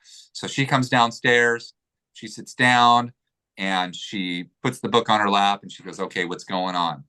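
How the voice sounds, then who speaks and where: A man's voice: medium pitch, little pitch movement, a little slow, pushed and bright, clear, resonant tone. A man telling a personal story in a casual interview, getting emotional, swearing freely and acting out what people said.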